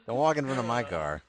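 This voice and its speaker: A man's voice: mid-range voice, no echo. A man co-hosting a casual podcast chat, making wry, grumbling jokes. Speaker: podcast co-host.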